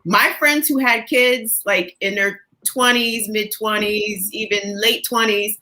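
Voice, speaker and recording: A woman's voice: mid-range voice, steady tone, slow, sharp tone. A woman in her forties co-hosting a morning talk show, chatting casually with laughing asides. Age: 40s. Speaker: show co-host. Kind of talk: casual chat.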